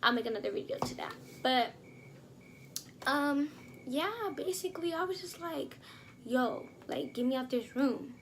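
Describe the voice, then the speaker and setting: A young woman telling a storytime vlog in a lively, slangy way, acting out scenes with sound effects. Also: high voice, a little slow, a little hiss or hum. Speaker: vlogger.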